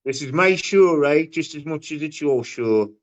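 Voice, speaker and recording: A man co-hosting a livestream panel, arguing loudly, swearing and mimicking the people he argues with. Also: a little high, expressive, moderate pace. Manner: loud, sweary, mimicking others. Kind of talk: heated livestream argument. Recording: muffled lo-fi stream audio.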